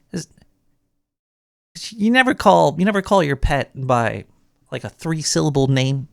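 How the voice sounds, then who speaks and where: A man voices a jittery, paranoid cartoon sewer rat hosting his own late-night call-in radio show, in a heavily acted performance. His mid-pitched voice is gravelly and creaky, and he rambles and restarts his sentences. The sound is dry and close, with no echo or room around it.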